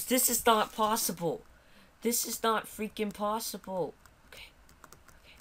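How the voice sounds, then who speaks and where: A man's voice: high voice, slow, creaky, long pauses, a bit bright. A man doing let's play commentary, frustrated and exclaiming as he keeps failing a level. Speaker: gamer.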